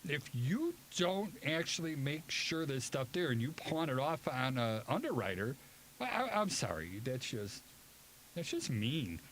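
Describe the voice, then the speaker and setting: A man with a mid-pitched, everyday voice co-hosts a casual talk show, ribbing his guests and pressing his points with emphasis. A light hiss sits under the recording. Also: very animated, measured pace, a bit bright, low-quality recording. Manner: teasing, emphatic. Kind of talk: casual radio chat.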